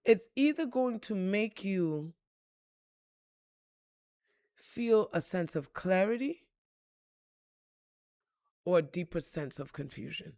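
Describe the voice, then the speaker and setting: A woman giving a blunt, profane motivational monologue, repeating phrases and swinging between loud outbursts and low, reflective tones. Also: lively intonation, takes it slowly, long pauses, dry recording, clean studio sound. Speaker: spiritual reader and motivational vlogger.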